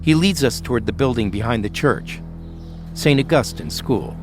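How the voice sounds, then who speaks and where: A man narrating a documentary podcast in a measured, storytelling way. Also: medium pitch, animated, music in the background.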